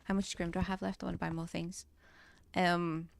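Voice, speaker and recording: A woman's voice: lowish voice, little pitch movement, brisk, gravelly, dry recording. A woman chatting casually while playing a game, telling indignant stories about work. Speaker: gamer.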